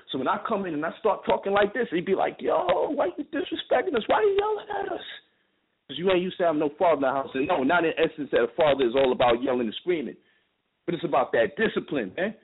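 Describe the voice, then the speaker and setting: A man's voice: sits high, breathy edge. A man giving an impassioned, profane monologue as a radio guest, hammering his points with rhetorical questions and repetition. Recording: tinny phone line with faint noise.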